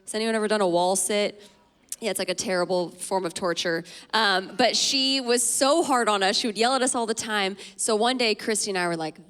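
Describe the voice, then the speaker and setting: A young woman telling a lively personal story on a church stage, chatty and full of acted quotes. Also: medium pitch, brisk, clear, resonant tone, long reverb tail. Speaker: guest speaker. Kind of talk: storytelling in a sermon. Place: church stage before an audience.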